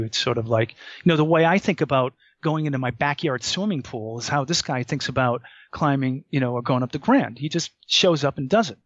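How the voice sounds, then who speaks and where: A man telling a story as a podcast guest, animated and full of restarts as he acts out his own dialogue. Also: medium pitch, fast talker, no echo, lo-fi sound.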